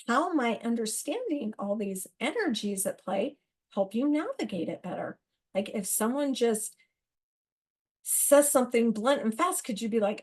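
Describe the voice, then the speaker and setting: Excitable woman hosting an astrology talk. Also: a little high, a little slow, long pauses, husky. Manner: excitable, animated, laughs at herself. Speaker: astrology podcast host. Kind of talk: reflective solo talk to listeners.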